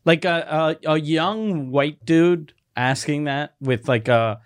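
A man in casual podcast chat, chatty and quick to laugh. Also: on the high side, clean tone, no room sound, studio quality. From Canada.

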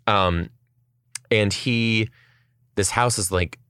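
A woman's voice: extremely low pitch, drawn-out words, smooth, no room sound, clean studio sound. A young woman podcast host telling a story in casual chat, acting out what people said and swearing freely. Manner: animated storytelling, acts out quotes, swears.

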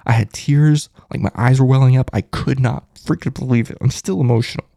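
A man hosting a live fan postgame stream, excitedly reading viewer comments aloud. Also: mid-range voice, brisk, gravelly, no room sound, clean studio sound. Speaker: host of a fan postgame show.

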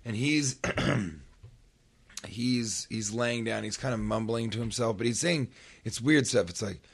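A man's voice: fairly low pitch, takes it slowly, gravelly, breathy edge. A man, a stand-up comedian, telling a long anecdote in casual conversation, acting out the voices and sounds as he goes. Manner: animated storyteller who acts out voices and sounds. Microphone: studio microphone.

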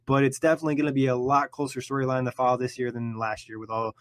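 A young man hosting a casual sports podcast, eager and quick to laugh. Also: mid-range voice, little pitch movement, no room sound. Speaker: podcast host.

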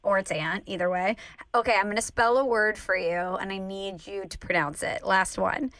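A woman co-hosting a podcast, chatting casually and teasing her co-host in an animated way. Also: mid-range voice, moderate pace, dry recording, poor audio. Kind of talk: casual chat. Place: Saint Louis.

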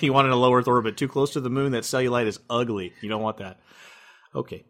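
A man co-hosting a podcast in casual banter, joking and laughing often, with big jumps in pitch for comic bits. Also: a little fast, a bit bright. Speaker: podcast co-host.

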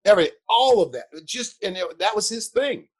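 An older man's voice sits notably high for a man. He tells stories as an interview guest, chuckling often and circling back on his words when he gets moved. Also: big pitch swings, a little fast, slightly rough. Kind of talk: animated storytelling.

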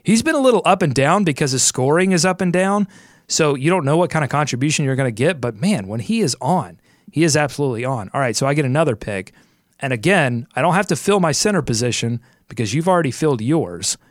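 A man's voice: fairly high pitch, expressive, fast, dry recording. Upbeat male podcast host, dry sound. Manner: upbeat, jokey, thinking aloud while picking. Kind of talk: casual sports podcast chat and ad read.

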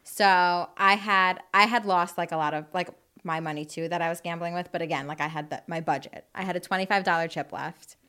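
A woman's voice: lowish voice, steady tone, fairly quick, hardly any pauses, pushed and bright, clear, resonant tone. A woman in casual chat, telling a story in a chatty way with many fillers. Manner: chatty, filler-heavy with lots of "like".

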